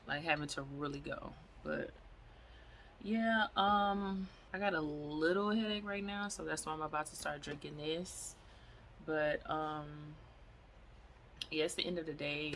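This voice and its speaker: Gravelly, bright-voiced woman vlogger. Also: deep voice, a little hiss or hum. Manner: chatty, dramatic storytelling. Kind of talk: casual vlog chat.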